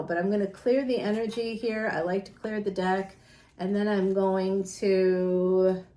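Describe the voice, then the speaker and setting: A woman's voice: medium pitch, warm tone, roomy sound. A woman giving a casual tarot reading, chatty and rambling, laughing often and talking straight to her viewers. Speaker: tarot reader.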